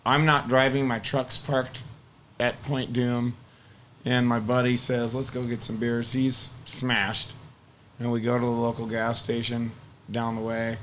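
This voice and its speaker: A man telling a personal story as a podcast guest, casual and animated, acting out the voices of the people he quotes. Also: medium pitch, measured pace, slight background noise.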